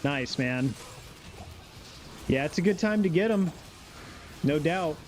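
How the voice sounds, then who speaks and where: A man's voice: sits high, moderate pace, darkish tone, soft background music. A man streaming a game live, chatting casually in a laid-back, rambling way and reading chat aloud.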